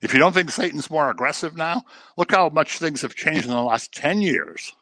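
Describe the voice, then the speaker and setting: Animated man teaching a Bible study. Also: moderate pace, no room sound. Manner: conversational, repeats phrases for emphasis; acts out quoted voices in a low mocking tone.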